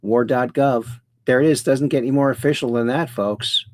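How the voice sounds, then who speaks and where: A man's voice: medium pitch, moderate pace, a little mellow, no echo. A man hosting a casual livestream, rambling playfully, greeting chat viewers by name and making puns. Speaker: livestream host.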